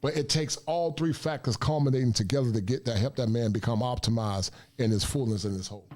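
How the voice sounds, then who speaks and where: Man with a halting, repetitive delivery. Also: medium pitch, a little mellow. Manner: repeats words, halting restarts. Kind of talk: casual chat.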